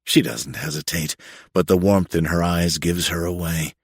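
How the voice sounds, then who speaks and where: Male romance audiobook narrator, husky and intimate, dry booth sound. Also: low voice, animated, normal speed, no room sound.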